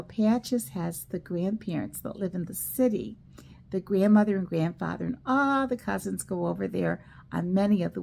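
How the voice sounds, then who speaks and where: A woman teaching a children's church school lesson, telling stories slowly and acting out the quoted lines. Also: medium pitch, creaky, slight background noise. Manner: slow, animated storytelling with quoted voices. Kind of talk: children's Bible lesson storytelling.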